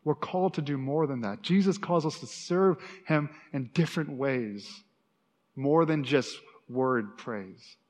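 A man preaching a sermon, animated and acting out quotes, with frequent restarts. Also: medium pitch, measured pace. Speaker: pastor. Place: church sanctuary. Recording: long reverb in a hall.

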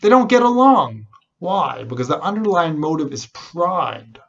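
A man preaching a sermon, animated and unhurried, often restarting his phrases. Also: a little high, highs cut off. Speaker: pastor.

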